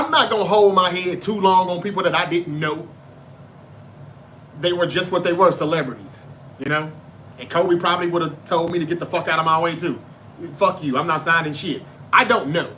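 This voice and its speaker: Bright-voiced Southern man, loose and profane. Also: fairly high pitch, a little hiss or hum. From Memphis, Tennessee. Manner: loose, profane, talks straight to viewers. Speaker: livestream show host. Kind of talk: casual chat reading viewer comments.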